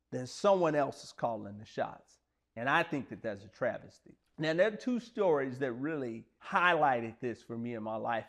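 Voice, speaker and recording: Earnest man telling life stories. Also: a little high. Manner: earnest, conversational, plain-spoken. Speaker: speaker sharing personal stories. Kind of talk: motivational storytelling monologue.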